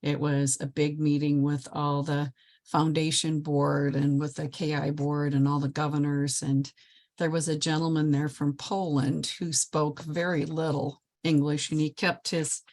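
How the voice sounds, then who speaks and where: Older woman telling lively stories. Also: sits low, measured pace. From Nebraska. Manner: lively, enthusiastic storyteller. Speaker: past president of a service club. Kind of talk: motivational speech.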